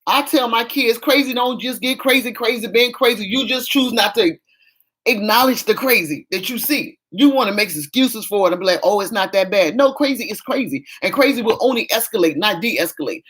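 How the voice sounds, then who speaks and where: A woman's voice: a little high, lively intonation, fairly quick, fairly bright tone, slightly rough. Frank middle-aged woman venting to camera. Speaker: vlogger. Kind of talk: casual chat to camera.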